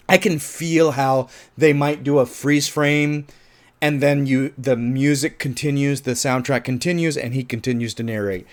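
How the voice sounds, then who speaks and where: In a casual, profane monologue, a man reviews a film in a mid-range voice. He's animated, chuckles at his own remarks, and raises his voice when he finds something ridiculous.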